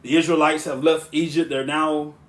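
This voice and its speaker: A man hosting a podcast and speaking as a preacher, with a smooth, monotone, relaxing voice; he talks in a rambling way, often restarting his sentences. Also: a little high, moderate pace. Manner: rambling, with frequent restarts and asides. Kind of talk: casual podcast talk.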